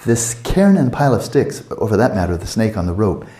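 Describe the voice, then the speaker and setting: Older male dharma teacher, mellow tone, roomy reverb, casual teaching. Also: fairly low pitch, big pitch swings, a little fast. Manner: conversational, playful asides with acted quotes. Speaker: meditation teacher. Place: retreat teaching hall.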